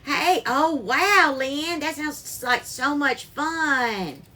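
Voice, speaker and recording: Speaking extremely slowly yet animatedly, a high-voiced woman with a bright tone runs a live-stream cooking show. She welcomes viewers by name and addresses them as darling, all picked up by a phone mic in her home kitchen.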